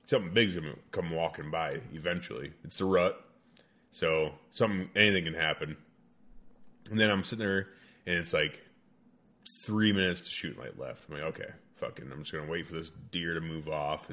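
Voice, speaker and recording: A man casually telling a rambling hunting story with lots of swearing. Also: low-pitched. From American Midwest. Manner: animated, heavy swearing, rambling. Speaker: guest hunter.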